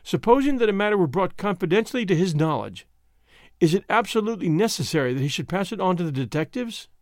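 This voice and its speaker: A man's voice: high-pitched, very animated, quick pace, no echo, clean studio sound. A man reading a storybook, voicing an anxious widow who pleads earnestly. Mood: pleading. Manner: earnest, imploring. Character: pleading anxious grieving widow, woman, adult. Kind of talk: audiobook character voice.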